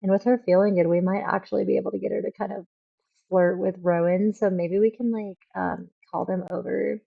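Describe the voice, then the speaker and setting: A woman's voice: medium pitch, little pitch movement, fairly quick, gravelly, narrow, tinny audio. A young woman streaming a game, chatting casually and rambling with lots of fillers. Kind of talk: casual gameplay commentary.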